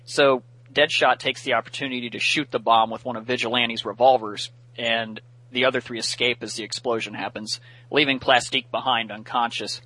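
A man's voice: mid-range voice, fairly even intonation, fairly quick, bright, forceful tone, poor audio. A man hosting a podcast and recapping a cartoon episode in casual chat. He talks chattily, laughs often and uses many fillers.

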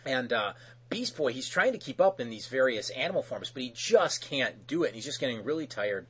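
A man's voice: medium pitch, sing-song, a little fast, fairly bright tone, husky. A man casually recapping a cartoon episode as podcast host, rambling with many fillers.

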